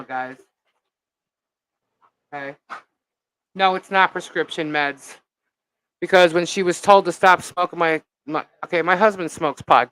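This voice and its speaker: A woman live-streaming as a vlogger, telling a gossip story in an animated, indignant way with lots of fillers. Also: deep voice, clean tone, no room sound, rough recording.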